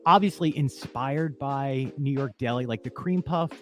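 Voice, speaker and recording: A man co-hosting a podcast in casual chat, animated and chatty with frequent fillers. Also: medium pitch, measured pace, faint music behind. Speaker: podcast co-host.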